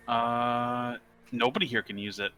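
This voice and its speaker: A man's voice: medium pitch, sharp tone, clear, resonant tone, low-quality recording. A man playing a tabletop game, casually explaining how things work to the table. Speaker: player.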